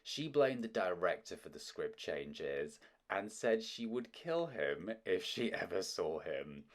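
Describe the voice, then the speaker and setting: Brief: low-pitched male host, scripted narration, wry asides. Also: big pitch swings, slow pace. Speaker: host of a film history channel.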